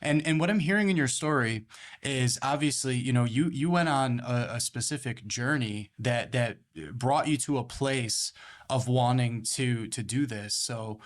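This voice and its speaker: A man hosts a podcast interview in a casual, halting way, often restarting and filling his sentences. His voice sits at an ordinary middle pitch. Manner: halting, many restarts and fillers. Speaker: podcast host. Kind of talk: conversational interview.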